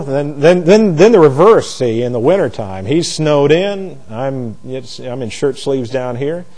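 A man's voice: mid-range voice, animated, measured pace, few pauses, warm tone, rough recording. A man teaching a conversational Bible study class, asking rhetorical questions, restarting phrases and slipping into folksy asides.

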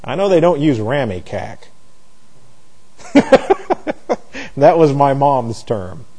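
A man's voice: medium pitch, very animated, takes it slowly, warm tone, slightly rough, poor audio. A man teaching a conversational Bible study class, asking rhetorical questions, restarting phrases and slipping into folksy asides.

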